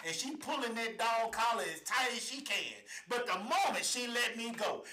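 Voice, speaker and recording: A man hosting a live show, ranting loudly and repeating himself for emphasis. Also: very high-pitched, lively intonation, moderate pace, few pauses. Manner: loud, confrontational, repeats phrases for emphasis. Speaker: host of a live online show. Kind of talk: fired-up live commentary rant. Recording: echoey room, faint noise.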